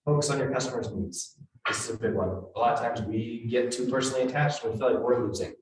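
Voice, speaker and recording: A man giving a live real estate training talk to agents, blunt and animated, acting out the people he quotes. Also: mid-range voice. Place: training room with an audience. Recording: roomy, echoey hall from far off.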